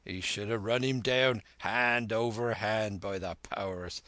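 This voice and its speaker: A man's voice: lowish voice, steady tone, a little slow, pushed and bright, no room sound. A man voicing a cunning one-legged old sea cook who blusters in salty sailor slang. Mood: blustering. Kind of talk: audiobook character reading.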